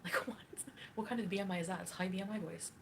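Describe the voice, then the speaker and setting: A woman's voice: medium pitch, steady tone, fast talker, vocal fry, a little hiss or hum. A woman livestreaming, reading chat and ranting in a catty, mocking way with frequent laughs.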